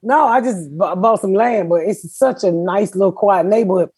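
Profane, husky woman telling stories. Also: mid-range voice, moderate pace, no echo. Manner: profane, animated storyteller. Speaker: podcast host. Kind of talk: casual comedic chat.

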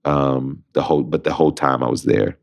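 A man in his thirties with a very deep voice, telling stories as an interview guest. He talks casually and acts out each person in his anecdotes. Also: steady tone, fairly quick, gravelly. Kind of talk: casual storytelling.

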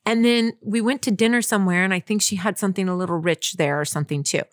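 A young woman co-hosts a casual podcast chat, telling a story in an animated way and acting out her own reactions. Her voice is dry and close, with no room sound around it. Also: mid-range voice, quick pace, no room sound. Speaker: podcast co-host.

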